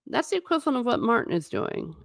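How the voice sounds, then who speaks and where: A woman hosting a casual livestream, rambling in an animated way and talking straight to her viewers in chat. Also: fairly high pitch, fast talker, gravelly, no echo, studio quality. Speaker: livestream host.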